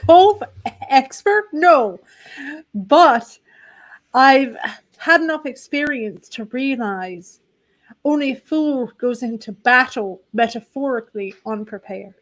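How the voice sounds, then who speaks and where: A woman's voice: sits high, lively intonation, slow pace, low-quality recording. A woman voicing a male Welsh adventurer who carries a golf club, in an attempted Welsh accent with an indignant, mock-grand manner.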